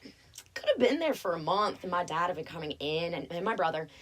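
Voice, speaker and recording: A woman's voice: fairly low pitch, quick pace. A young woman from North Carolina with a Southern accent, telling stories in a casual interview and acting out the people in them. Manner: animated, acts out voices in anecdotes. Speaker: actress, interview guest. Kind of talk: casual storytelling chat.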